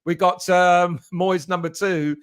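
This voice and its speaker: A man's voice: sits high, steady tone, slow pace, clean tone. A man from England hosting a casual live stream for football fans, rambling and greeting chat viewers by name. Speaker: fan channel host reading live chat.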